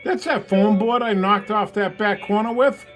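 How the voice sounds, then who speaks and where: A man's voice: high voice, moderate pace, over music, poor audio. Rambling hobbyist man touring his layout. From New England, USA. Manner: rambling, plain-spoken, lots of fillers. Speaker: model railroad hobbyist. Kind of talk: casual layout tour narration. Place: home train layout room.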